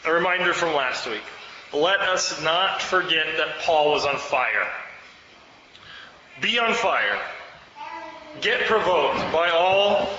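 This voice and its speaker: Fervent preacher in an echoey hall. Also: male voice, on the high side, bright, forceful tone, slight background noise. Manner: fervent, exhorting. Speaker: pastor. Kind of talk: sermon. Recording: echoey hall, dull sound.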